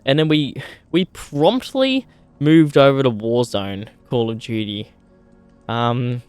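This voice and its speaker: A man's voice: a little high, no echo. A young Australian man chatting with his livestream viewers outdoors by a campfire. He is laid-back and matey, swears a lot and calls people mate. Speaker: streamer. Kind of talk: casual livestream chat with viewers.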